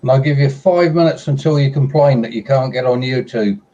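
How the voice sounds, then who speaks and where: A man's voice: mid-range voice, a little fast, warm tone, lo-fi sound. A middle-aged man with an English accent, trading dry, teasing jokes in casual chat.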